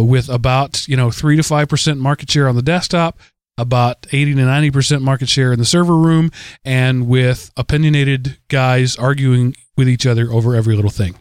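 A man's voice: mid-range voice, normal speed, a little mellow, smooth, dry recording, clean studio sound. A man hosting a podcast in a casual, rambling way, with many restarts. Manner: rambling, full of restarts and fillers. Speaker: podcast host.

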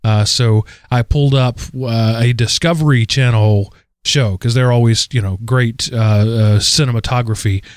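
A man in his forties, co-hosting a podcast, telling a rambling, animated story full of fillers. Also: mid-range voice, normal speed, dry recording, studio quality. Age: 40s. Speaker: podcast co-host. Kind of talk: casual chat.

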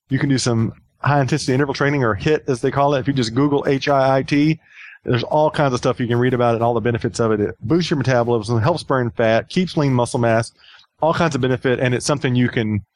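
A man's voice: mid-range voice, dry recording. Chatty man hosting a podcast, dry sound. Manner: chatty, joking, rambling with fillers. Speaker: podcast co-host. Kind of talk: casual podcast chat.

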